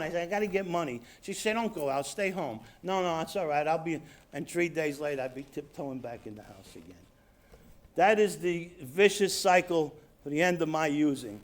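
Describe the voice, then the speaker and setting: A middle-aged man from New York telling his own recovery story at a convention, acting out quotes and dropping quiet for emphasis. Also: on the high side. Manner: storytelling with acted quotes, drops to quiet emphasis, laughs at himself. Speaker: recovery speaker. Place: convention hall stage.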